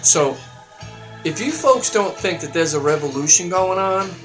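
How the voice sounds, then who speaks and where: A man's voice: lively intonation, measured pace, soft background music. Heated ranting male show host. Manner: heated, swings to loud high-pitched outbursts. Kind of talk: ranting political monologue.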